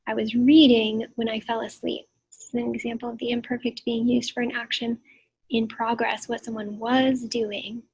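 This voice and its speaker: A woman with a slightly high, breathy voice walks through a recorded grammar lesson. She explains step by step in a patient teacher's manner and slows right down on her examples. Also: level tone, a little mellow, poor audio. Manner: clear explanatory teacher talk, drawn-out examples. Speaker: Spanish teacher.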